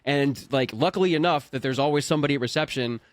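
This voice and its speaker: A man's voice: mid-range voice, fast talker, no echo. A man in his thirties, a voice actor, telling a story in casual chat and acting out his own panicked thoughts. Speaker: voice actor guest.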